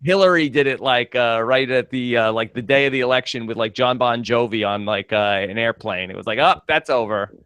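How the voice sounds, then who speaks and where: A man's voice: medium pitch, a little fast, few pauses, a bit bright, smooth, no room sound. A man hosting a casual comedy podcast, rambling with lots of "like" and "uh.". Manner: rambling, heavy on "like" and "uh". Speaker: podcast host.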